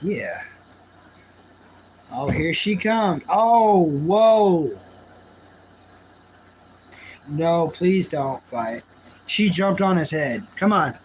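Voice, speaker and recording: A man's voice: on the high side, animated, slow, long pauses, slight background noise, poor audio. A man live-streaming, chatting casually with his viewers in a rambling, jokey, self-mocking way.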